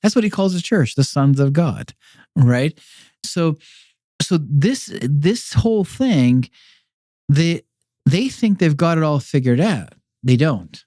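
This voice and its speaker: A man's voice: fairly high pitch, lively intonation, slow, warm tone, no echo, studio quality. A man talking as a podcast guest, rambling through his ideas with many fillers and restarts. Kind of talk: casual explanatory conversation.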